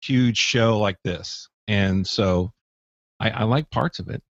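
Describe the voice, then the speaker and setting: A man speaks slowly and hesitantly at a middle pitch on a group podcast. The sound is dry and dull, with little room around it. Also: dry recording. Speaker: podcast panelist. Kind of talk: casual group discussion.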